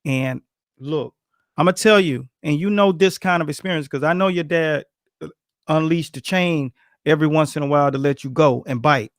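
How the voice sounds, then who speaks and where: Animated high-voiced man telling boxing stories. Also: normal speed, dry recording, studio quality. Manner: animated, slangy, acts out quotes with grunts and laughs. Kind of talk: casual storytelling chat.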